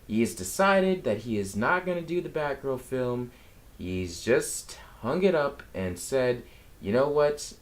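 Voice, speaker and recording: Male vlogger, exasperated sarcastic rant, unhurried delivery with an animated pitch. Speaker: film commentary vlogger. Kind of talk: casual ranting commentary.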